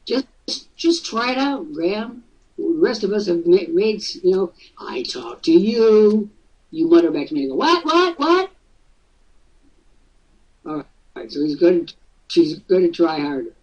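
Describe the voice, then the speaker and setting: A man's voice: a little high, animated, moderate pace, warm tone, slightly rough, far from the mic, muffled recording. A male host giving casual coaching talk, jokey and teasing, slipping into mock voices.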